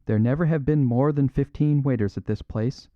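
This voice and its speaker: A man voicing an eager, boyish young aristocrat who talks with excited, emphatic insistence. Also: medium pitch, moderate pace, dry recording, highs cut off, pitched above the performer's own voice, natural voice.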